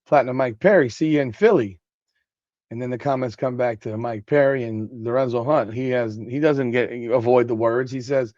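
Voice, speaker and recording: A man hosting a podcast late at night, sleepy and yawning, talking in loose, excitable slang and reading out comments. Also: medium pitch, moderate pace, no echo, highs cut off. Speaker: podcast host.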